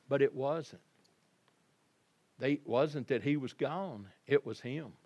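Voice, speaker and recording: A male pastor preaching a sermon, telling the story vividly and addressing his congregation, moving between quiet passages and loud emphasis. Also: medium pitch, muffled recording. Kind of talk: Easter sermon.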